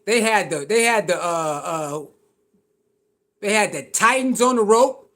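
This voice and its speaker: High-voiced man ranting slangy sports takes. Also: expressive, measured pace, pushed and bright. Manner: heated, slangy ranting with repetition. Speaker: sports commentator. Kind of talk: reaction commentary on a clip.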